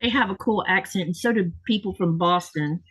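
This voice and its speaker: A woman's voice: lowish voice, a little fast, a bit bright, breathy edge. A woman hosting a sewing live stream, chatting casually and telling stories while reading viewer comments. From Florida. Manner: chatty storyteller, reads viewer comments aloud.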